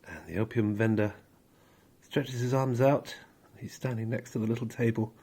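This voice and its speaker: A male storyteller with a gravelly, husky voice narrates calmly. He speaks softly and draws out his phrases, pausing between them. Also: lowish voice.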